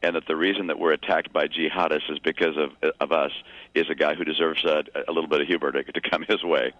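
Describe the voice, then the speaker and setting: A man with a very deep voice, talking fast and dismissively as a guest on a radio interview. The audio is dull and lo-fi, like an aired broadcast. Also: fairly even intonation, a bit bright, no room sound. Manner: brisk, dismissive, chuckling.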